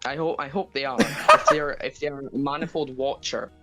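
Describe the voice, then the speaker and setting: A man's voice: medium pitch, moderate pace, sharp tone, faint music behind. A man with a Scottish accent, hesitant and stammering, making a comedic mock confession over a voice call. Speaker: caller confessing.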